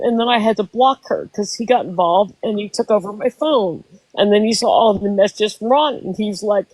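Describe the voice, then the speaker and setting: A woman's voice: medium pitch, brisk, a little mellow, no echo, poor audio. Older lady in her 60s rambling through a story, dry close sound. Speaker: guest. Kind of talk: casual chat.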